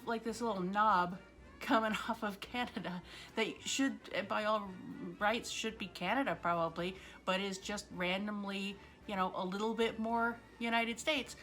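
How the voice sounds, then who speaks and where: A woman's voice: mid-range voice, a bit bright. A woman hosting a casual cooking vlog in her home kitchen, chatty and self-mocking, laughing often. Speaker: cooking show host.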